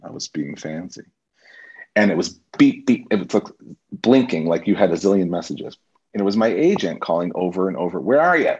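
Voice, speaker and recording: A man guest on a podcast, telling stories from his acting career in a lively, casual way and acting out the people he quotes. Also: deep voice, a little fast, slight background noise. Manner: animated storyteller, acts out quoted voices. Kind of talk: casual storytelling interview. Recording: muffled lo-fi recording.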